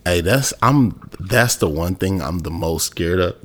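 Deep-voiced young man, animated slang storytelling. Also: unhurried. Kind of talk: casual chat.

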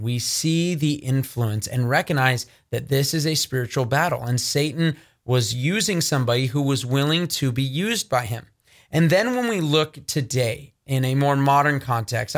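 A man's voice: medium pitch, a bit bright. A young adult man from Southern California presenting for a ministry, talking straight to viewers with earnest, emphatic warnings. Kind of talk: preaching monologue to viewers.

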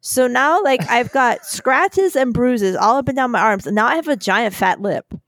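A woman's voice: on the high side, moderate pace, no room sound, studio quality. A woman co-hosting a podcast from her living room over a remote call, talking wryly with a swollen lip and laughing often. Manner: wry, animated, laughing often. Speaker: podcast co-host. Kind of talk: casual chat.

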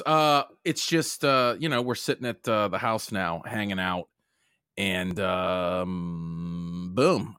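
A man in his thirties rambles through a loose, joking podcast chat, leaning on "dude" and "boom" all the time. His voice is bright and forward, recorded close on a dry, dead-sounding mic. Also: clean tone, no room sound. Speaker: podcast host.

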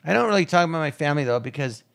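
A man telling rambling stories in casual chat, talking fast and jumping between thoughts, acting out other people's voices. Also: on the high side, expressive, gravelly, a bit bright, clear, resonant tone, no echo. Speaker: podcast guest.

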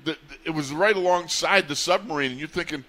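A man's voice: fairly high pitch, fast, pushed and bright. A man co-hosting a sports radio show, talking in a rambling, easygoing way. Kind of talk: casual sports radio chat.

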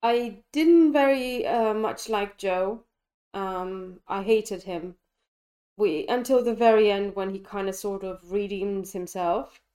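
Excitable woman gushing about a film. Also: medium pitch, takes it slowly. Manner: animated, enthusiastic, frequent restarts. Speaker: podcast co-host reviewing films. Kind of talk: casual film discussion. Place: London.

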